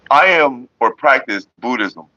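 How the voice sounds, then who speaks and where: A man's voice: medium pitch, unhurried, no echo. A man hosting a casual vlog from Northern California, answering viewers in a laid-back, rambling, profane way. The sound is a dull lo-fi recording. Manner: laid-back, profane, talks about staying calm.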